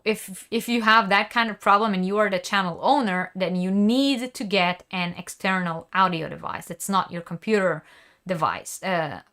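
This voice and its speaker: A woman's voice: mid-range voice, a bit bright. A woman hosting a crafting live stream, chatting casually and reading viewer comments aloud. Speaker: crochet channel host.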